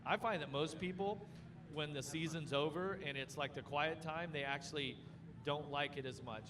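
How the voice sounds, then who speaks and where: A man's voice: fairly high pitch, normal speed, background noise. A man co-hosting a live show, rambling and joking in casual chat. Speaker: co-host.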